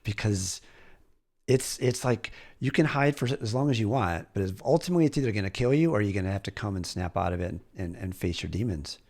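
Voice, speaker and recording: Candid reflective man, lowish voice. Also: lively intonation, a little fast, a little mellow. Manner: candid, reflective, swears casually. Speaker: podcast host. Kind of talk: casual conversational interview.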